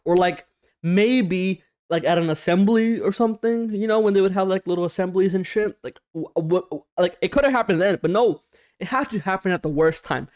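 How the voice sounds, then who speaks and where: A young man hosting a casual storytime vlog, slangy and animated, swearing often and acting out what people said. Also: sits high, moderate pace. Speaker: storytime YouTuber.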